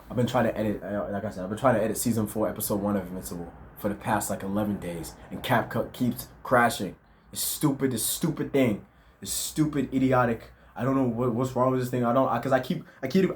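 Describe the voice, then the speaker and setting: A man's voice: fairly low pitch, a little mellow, slight background noise. A man of twenty in a casual, reflective vlog monologue, full of slang and fillers, talking outdoors at dusk. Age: 20s. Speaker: vlogger.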